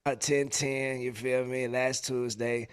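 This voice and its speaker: A man, a musician guest, talking in casual podcast chat, relaxed, slangy and heartfelt. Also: mid-range voice, slow, clear, resonant tone, no room sound, studio quality.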